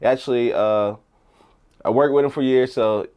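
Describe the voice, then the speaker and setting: A man's voice: mid-range voice, a little mellow, clear, resonant tone. Jokey middle-aged fireman. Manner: jokey, quick reactions, laughs a lot. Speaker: firefighter. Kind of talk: casual podcast conversation.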